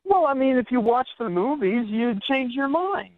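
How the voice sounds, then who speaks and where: A man calling in to a radio show, incredulous and excitable. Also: extremely high pitch, normal speed, phone-quality sound. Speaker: caller. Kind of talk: radio call-in chat.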